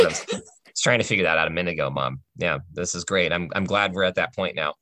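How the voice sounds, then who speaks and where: A man's voice: deep voice, fast, pushed and bright, no echo. A man on a podcast telling a personal faith testimony in an earnest, conversational way, often checking in with the listener.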